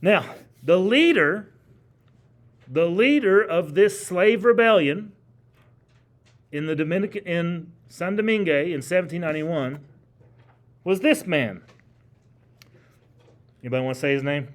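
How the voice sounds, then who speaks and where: High-voiced male history teacher. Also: expressive, unhurried, pauses often. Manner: casual, chatty, quizzes the class with questions. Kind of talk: classroom lecture. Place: classroom.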